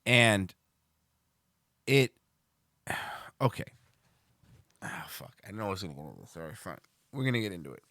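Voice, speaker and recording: A man with a bright, lively voice that swings up and down a lot, talking to viewers on his livestream. He rambles and swears freely, and he trips over his own restarts. The sound is dry and close. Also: sits low, moderate pace, pauses often, dry recording. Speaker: livestream show host. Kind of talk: casual livestream chat.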